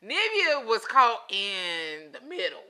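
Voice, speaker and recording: A woman's voice: a little high, wildly swooping pitch, slow pace, pushed and bright. A woman co-hosting a podcast in casual chat, recapping events in a chatty, storytelling way. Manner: chatty storyteller, acts out what others said. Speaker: podcast co-host.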